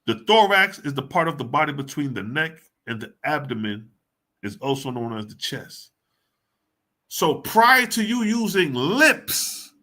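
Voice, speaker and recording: A man's voice: fairly high pitch, pushed and bright. A man reading passages of scripture aloud and then explaining them in casual, slangy, emphatic talk. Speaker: scripture teacher.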